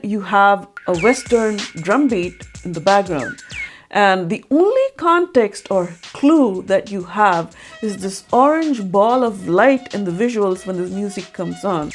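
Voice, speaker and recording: A woman narrating an educational video on music and breaking down how melodies are recognized. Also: mid-range voice. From India. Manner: explanatory, sings short sung examples. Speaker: music explainer.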